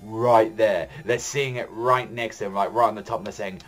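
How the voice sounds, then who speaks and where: Low-voiced man ranting about a manga chapter. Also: normal speed, soft background music. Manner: excited rambling, heavy filler and swearing. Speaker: anime and manga reviewer. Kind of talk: casual chapter review.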